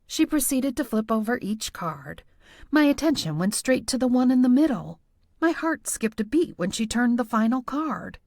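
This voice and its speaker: A woman's voice: on the high side, lively intonation, normal speed, darkish tone, no echo. A woman narrating a first-person audiobook in a wry, self-deprecating storytelling manner, close to a studio mic.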